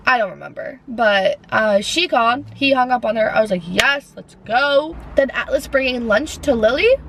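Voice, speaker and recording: A woman's voice: fairly high pitch, creaky, a little hiss or hum, poor audio. A young woman talking casually in a book vlog, chatty and full of "like". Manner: chatty, fills talk with "like". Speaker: book vlogger. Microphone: camera propped up without tripod.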